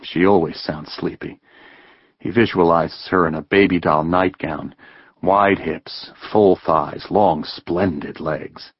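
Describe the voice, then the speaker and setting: A man reading a novel aloud in a measured, even way as an audiobook narrator. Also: deep voice, husky, no room sound, highs cut off. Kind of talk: scripted narration.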